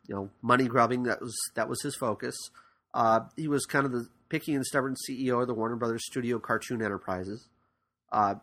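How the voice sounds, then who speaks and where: A podcast host with a medium-pitched, slightly bright voice chats casually about cartoons. He rambles, using lots of fillers and restarting his sentences.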